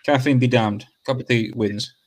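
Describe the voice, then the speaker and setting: A man talking over friends on a casual podcast, sweary and mock-solemn as he rambles. His voice sits at an ordinary middle pitch, unhurried and loose. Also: fairly even intonation, husky.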